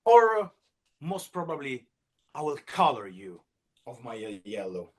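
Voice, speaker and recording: Italian-accented man as Yellow: impertinent, teasing, husky tone. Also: mid-range voice, huge pitch swings, unhurried, heavily acted. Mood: cheeky. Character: cheeky impertinent male color Yellow.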